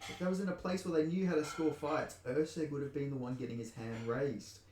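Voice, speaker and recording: A man's voice: fairly high pitch, fairly even intonation, a little fast, a little mellow, echoey room, slight background noise. An Australian man from Perth, ranting heatedly and with lots of swearing about a fight decision he thinks was a robbery. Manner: heated, profane, indignant ranting. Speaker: MMA commentator. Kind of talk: angry fight reaction rant.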